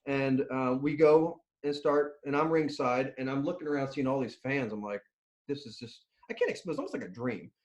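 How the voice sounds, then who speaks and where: Middle-aged man, chatty guest, animated storyteller, laughs and restarts a lot. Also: medium pitch, brisk. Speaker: nutrition and strength coach, interview guest. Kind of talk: casual interview storytelling.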